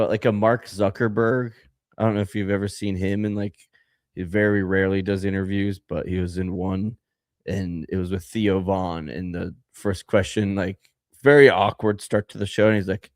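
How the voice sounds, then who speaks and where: A man's voice: lowish voice, no room sound, studio quality. A man co-hosting a casual podcast, ranting and rambling with lots of fillers and laughter. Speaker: podcast co-host.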